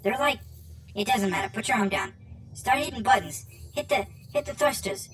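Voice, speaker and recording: A woman's voice: fairly high pitch, moderate pace, a little hiss or hum, natural voice. A woman voicing a nervous, rambling robot companion who panics easily. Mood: excited, urgent. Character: jittery non-biological robot companion. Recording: faint music behind. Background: faint music.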